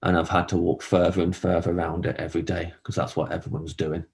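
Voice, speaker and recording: A man performing a rambling, self-deprecating stand-up monologue, often jumping up high to act out other people. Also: level tone, fast, vocal fry. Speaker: comedian.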